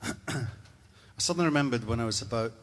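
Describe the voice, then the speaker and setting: A man's voice: medium pitch, brisk. A Scottish man telling a comic story in a wry, rambling way, with profane asides. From Scotland.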